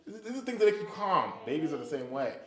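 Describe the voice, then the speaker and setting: A fast-talking man with a fairly high voice runs an interactive Bible study in an echoey room. Between questions to the group, he tells stories with animation, voicing little characters and sounds.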